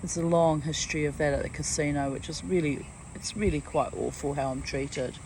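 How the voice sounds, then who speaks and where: A woman's voice: low-pitched, steady tone, a little fast, a little mellow, slight background noise, poor audio. A woman with a New Zealand accent, chatting casually outdoors among trees and acting out dialogue. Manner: chatty storyteller, acts out dialogue, laughs often. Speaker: vlogger. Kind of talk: casual spoken diary.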